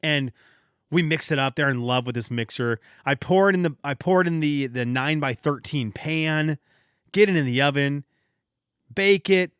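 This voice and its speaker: A man in his thirties hosting a casual solo podcast, telling stories in an animated, joking way and often restarting his sentences. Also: on the high side, normal speed, smooth, no room sound, clean studio sound. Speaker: podcast host.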